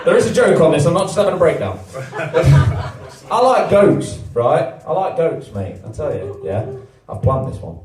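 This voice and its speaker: A man in his twenties from England doing a stand-up comedy set, deadpan and self-deprecating, with big jumps in pitch on his punchlines. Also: moderate pace, hardly any pauses, soft background music. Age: 20s. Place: comedy venue with a live audience. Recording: echoey venue, mic at a distance. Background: audience laughter.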